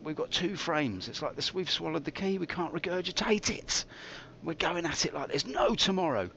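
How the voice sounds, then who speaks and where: A man streaming a game, telling theatrical, jokey stories with big swings in pitch. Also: gravelly, a bit bright, muffled recording, slight background noise. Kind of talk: rambling live-stream commentary.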